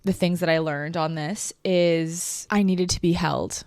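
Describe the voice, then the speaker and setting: A woman's voice: lowish voice, fairly even intonation, a little slow, darkish tone, no echo, clean studio sound. A woman hosting a podcast, telling a personal story in an emotional, reflective way with lots of "like". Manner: emotional, reflective, heavy use of "like". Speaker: podcast host.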